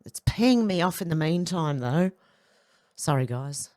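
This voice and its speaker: A woman's voice: low-pitched, lively intonation, measured pace, darkish tone. A woman hosting an opinion commentary, blunt and irritable, with sarcastic asides and swearing, nursing a headache and sore back. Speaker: commentary channel host. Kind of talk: casual opinion commentary over clips.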